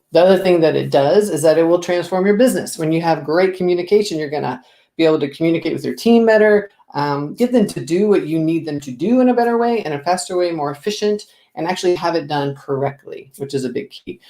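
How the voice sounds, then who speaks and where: A woman business coach giving an expressive, lively talk to the camera, asking the viewer direct questions. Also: low-pitched, echoey room.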